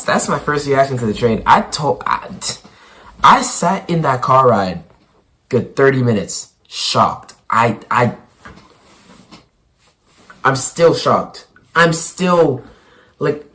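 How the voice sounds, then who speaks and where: A young man with a hoarse, worn-out voice, vlogging casually about basketball. He stammers and repeats himself, and his voice swings from quiet to loud. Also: mid-range voice, very animated, takes it slowly, pauses often. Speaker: basketball YouTuber. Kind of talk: excited casual vlog.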